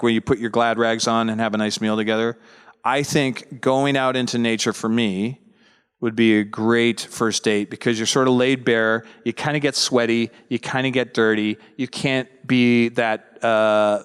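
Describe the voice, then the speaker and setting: A man's voice: medium pitch, a bit bright, clean tone, long reverb tail. A man at a convention panel, joking and chatting with fans in a playful, talkative way. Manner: chatty, playful, jokey asides. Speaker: convention panel guest actor. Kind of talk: casual joking Q&A.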